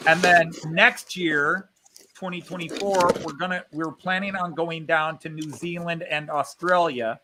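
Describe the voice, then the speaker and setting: A man's voice: a little high, fairly even intonation, unhurried. Chatty man sharing plans in casual talk, noticeable background noise. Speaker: model railway club member. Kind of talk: casual chat.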